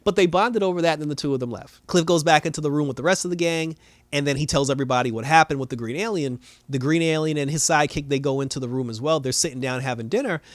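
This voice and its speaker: A man's voice: on the high side, fast talker, no room sound. A man giving a casual, rambling recap and review of a TV episode, slangy and laughing often.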